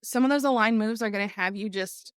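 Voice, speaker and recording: A woman's voice: medium pitch, brisk, smooth, no room sound. Earnest, emphatic woman host, dry sound. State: tearful. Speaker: podcast host. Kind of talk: reflective live talk to an online group.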